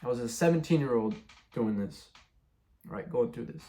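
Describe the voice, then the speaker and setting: A man's voice: mid-range voice, expressive, normal speed, dark tone. A young man telling his personal testimony in a casual, rambling way, filling his talk with "like" and "bro". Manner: rambling, many fillers like "like" and "bro". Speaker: testimony speaker.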